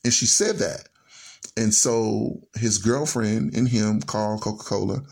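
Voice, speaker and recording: A man's voice: lowish voice, measured pace, creaky, darkish tone. A man earnestly telling a personal family story on a radio show, linking his sentences with "and so" as he goes. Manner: earnest, heartfelt, strings clauses with "and so". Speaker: storyteller guest.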